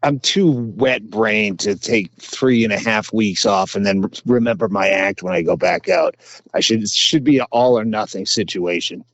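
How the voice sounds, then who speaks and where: A middle-aged man rambles through stories with a deadpan wit, his pitch swinging widely as he goes. The sound is dull and lo-fi, like a call-in line, and very dry with no room around it. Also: dry recording. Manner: rambling, halting, dry humor. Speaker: comedian guest. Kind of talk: casual podcast chat.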